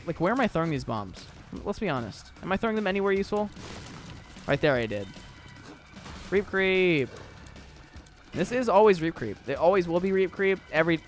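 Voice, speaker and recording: A young American man chatting casually through a let's-play, rambling with lots of "like" and "um". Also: fairly high pitch. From southern United States. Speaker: gaming YouTuber.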